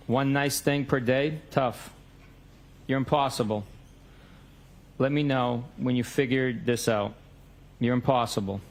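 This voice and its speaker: A man in a courtroom reading out both sides of a text message exchange, stating the date and time of each message. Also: mid-range voice.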